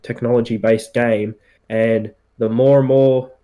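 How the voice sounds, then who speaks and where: A man co-hosting a podcast, giving firm opinions in relaxed casual chat with plenty of fillers. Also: mid-range voice, unhurried, dull audio. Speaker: podcast co-host.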